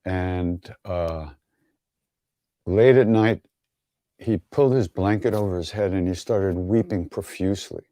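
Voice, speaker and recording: A man's voice: sits low, unhurried, pauses often, mellow, dry recording. A man hosting an online gathering, answering viewer questions in an easygoing, wry way, telling stories with many fillers and chuckles. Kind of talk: casual online Q&A storytelling.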